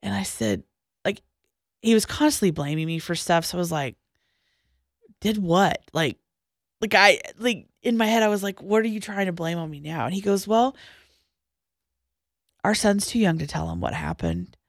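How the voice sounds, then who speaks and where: Young woman w a low gravelly voice telling her story in halting bits, trails off a lot, dry close sound. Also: animated, no room sound. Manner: halting, with frequent restarts and trailing-off lines, dropping quiet at hard moments. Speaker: guest sharing personal story. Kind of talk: personal testimony on a podcast.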